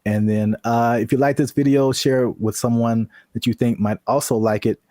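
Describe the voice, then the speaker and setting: A man co-hosting a casual tech chat podcast, animated and joking, with sudden high shouted bits. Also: moderate pace, no room sound, studio quality. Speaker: co-host.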